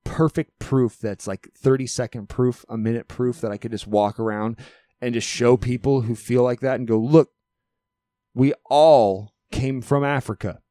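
A man's voice: mid-range voice, fairly even intonation, moderate pace, warm tone, no room sound, studio quality. A man co-hosting a podcast in casual chat, rambling and profane, often repeating words as he builds a point. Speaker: podcast co-host.

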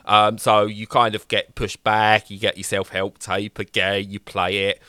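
A young man co-hosting a casual chat, rambling and animated as he acts out little voices. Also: fairly low pitch, normal speed, few pauses, clean tone, no room sound, studio quality. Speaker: podcast co-host reviewing games.

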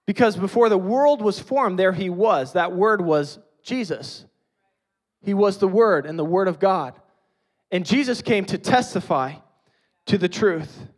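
A man preaching a sermon, emphatic, swinging between loud stressed phrases and quiet low passages. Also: animated, a little slow.

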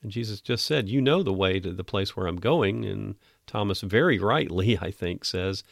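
A man hosting a podcast Bible teaching, earnest and emphatic, reading scripture slowly. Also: fairly low pitch, animated, creaky, no echo, clean studio sound.

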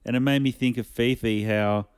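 A man's voice: mid-range voice, steady tone, smooth, dry recording. Swearing man chatting casually. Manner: rambling, swears freely, quick laughs. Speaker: podcast co-host. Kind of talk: casual chat.

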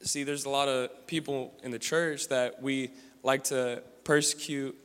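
Male preacher, reads scripture then riffs casually, lots of restarts; mid-pitched, long reverb from a church hall. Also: steady tone, unhurried, a bit bright, smooth. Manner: casual and slangy, frequent restarts. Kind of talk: sermon, scripture reading with casual commentary.

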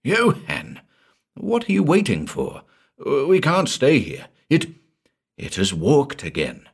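A man's voice: medium pitch, wildly swooping pitch, unhurried, breathy edge, voice pushed up, heavily acted. A man doing a frightened young villager, pleading. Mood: fearful pleading. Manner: anxious, pleading.

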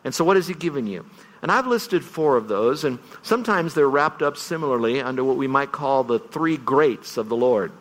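An earnest male pastor preaching a farewell sermon in a middle-pitched voice. He talks at an unhurried pace and leans hard on key words. The sound carries a long church-hall reverb. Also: animated. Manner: earnest, builds to emphatic bursts.

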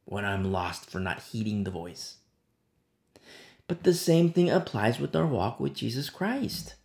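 Male preacher, gravelly, chatty storyteller, recorded in a reverberant room. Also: medium pitch, sing-song, measured pace, a little mellow. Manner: conversational storytelling with frequent "you know". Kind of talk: sermon.

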